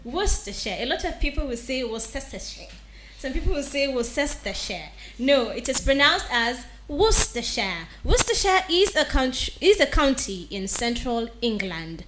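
A woman from Nigeria presenting a radio diction segment, spelling place names slowly and repeating each one carefully. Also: high voice, very animated, a bit bright, echoey room, slight background noise. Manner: slow deliberate spelling, repeats each word. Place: radio studio.

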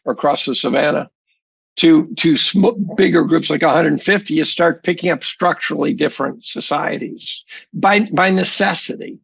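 Blunt, gravelly-voiced man guest. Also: a little high, moderate pace, fairly bright tone, dry recording, dull audio. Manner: blunt, emphatic, many restarts and repeats. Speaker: guest, chemistry professor. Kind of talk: opinionated conversational interview.

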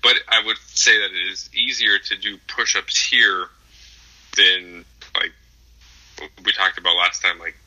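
A young man chats on a podcast in a low-pitched, very bright voice. He rambles through his story with lots of ums and swears freely. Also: flat delivery, measured pace, slightly rough, low-quality recording. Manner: swears often, rambling with fillers. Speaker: podcast co-host. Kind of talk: casual chat, profane storytelling.

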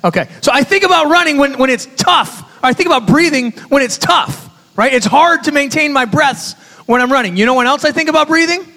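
A man with a high voice delivers a sermon as a youth pastor, telling stories with lively, conversational asides to the room. His voice rings out in a long-reverb church hall. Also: a little fast. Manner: animated storytelling, conversational asides to audience.

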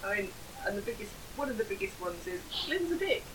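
An English woman in her forties trades playful jabs on a home-made podcast. Her voice sits at an ordinary middle pitch, slips into breathy whispers now and then, and carries a faint hiss behind it. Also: big pitch swings, quick pace. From Northamptonshire, England. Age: 40s. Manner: teasing, laughs easily, drops to a breathy whisper at times. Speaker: podcast co-host. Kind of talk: casual banter.

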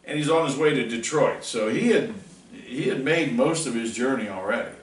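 A man's voice: medium pitch, expressive, normal speed. A middle-aged man teaching a catechism class, telling a folksy, earnest story. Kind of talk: catechism class talk with personal anecdote. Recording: roomy, mic far off.

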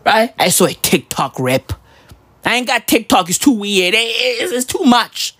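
A man with a fairly high, husky voice that leaps all over the place as he rants. He rambles in profane slang sprinkled with mock patois, and the sound is close and dry. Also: sing-song, normal speed, no echo. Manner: rambling, slang-heavy, swings between shouting and muttering. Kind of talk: casual profane rant.

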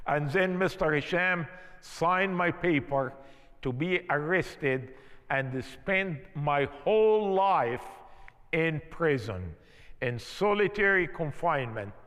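A man from Egypt with an Egyptian accent preaches a testimony, speaking emphatically in imperfect English. His voice sits high and his delivery is slow and deliberate. The sound carries the long reverb of a church hall. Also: lively intonation, a bit bright. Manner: emphatic storytelling, non-native grammar. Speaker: pastor. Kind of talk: sermon testimony.

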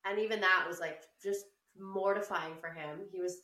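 A woman telling a story in a casual chat, animated, swearing often and laughing as she talks. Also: mid-range voice, moderate pace. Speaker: podcast co-host. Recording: roomy, a bit distant from the mic.

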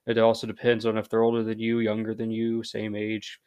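A man's voice: on the low side, monotone, brisk, a little mellow, clear, resonant tone, dry recording. An American man hosting a podcast in a casual, rambling monologue full of fillers and self-deprecating asides. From United States. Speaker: podcast host.

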